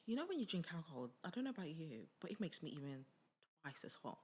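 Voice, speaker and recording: A woman, co-hosting a casual podcast, reacting to her friend's story with quick remarks. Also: low voice, big pitch swings, a little mellow. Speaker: podcast co-host. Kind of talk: casual chat.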